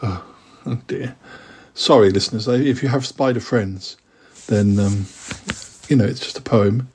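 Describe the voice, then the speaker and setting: A man's voice: fairly low pitch, unhurried, a little mellow, husky. A middle-aged man hosting a podcast, chatting hesitantly with many fillers and reading his own poems aloud. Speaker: podcast host and poet. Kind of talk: casual chat and poetry reading.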